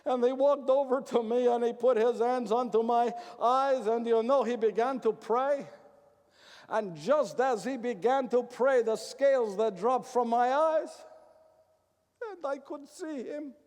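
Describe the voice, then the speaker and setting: Man, very high voice, dramatic first-person storyteller, echoey hall, faint music underneath. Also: a little slow, a little mellow. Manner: dramatic, repeats phrases for emphasis, raises voice when calling out. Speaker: actor portraying a biblical figure.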